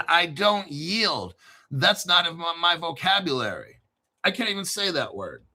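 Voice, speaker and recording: Brash, bright-voiced man ranting. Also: fairly high pitch, very animated, a little slow. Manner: profane, combative, boastful ranting; frequent throat clearing. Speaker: crypto channel host. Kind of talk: ranting solo commentary.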